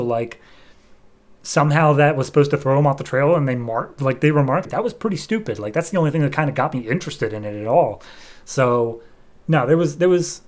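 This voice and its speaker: A man hosting a podcast, giving a loose, chatty review full of fillers like "like" and "um". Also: medium pitch. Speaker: podcast host reviewing comics.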